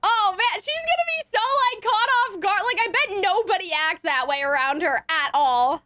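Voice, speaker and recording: High, bright-voiced young woman reacting. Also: expressive, normal speed. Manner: chatty, giggly, lots of fillers. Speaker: anime reaction youtuber. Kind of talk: casual reaction commentary.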